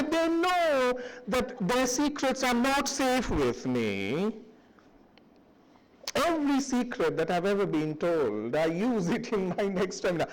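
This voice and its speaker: High-voiced man lecturing. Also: slight background noise, rough recording. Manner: animated, anecdotal storytelling with restarts. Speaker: university lecturer. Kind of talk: public lecture. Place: lecture hall.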